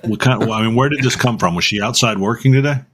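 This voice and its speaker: A man's voice: mid-range voice, fast, fairly bright tone, slightly rough. A man hosting a podcast in casual, joking chat. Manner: joking, rambling. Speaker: podcast host.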